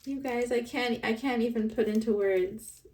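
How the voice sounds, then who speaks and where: Woman gushing over plushies in a slow, high-ish voice, a bit far from the mic. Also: very noisy. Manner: gushing, breathy excitement, frequent laughs. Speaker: plush toy reviewer. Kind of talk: casual unboxing vlog.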